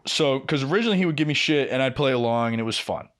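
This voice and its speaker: A man's voice: mid-range voice, very fast. A young man co-hosting a podcast, telling a work story in casual chat, swearing a lot and acting out what people said. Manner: profane, animated storyteller who acts out quotes. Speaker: podcast co-host.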